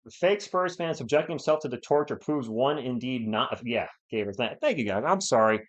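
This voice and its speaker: A man hosts a live basketball stream, his voice swinging up and down as he reacts to the game and his chat. He sounds excitable and fired up. The audio is dull and lo-fi, like a home streaming setup. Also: medium pitch, fairly quick. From New England. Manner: excitable, fired-up, talks straight to chat viewers. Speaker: live-stream sports host. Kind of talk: live play-by-play commentary and chat replies.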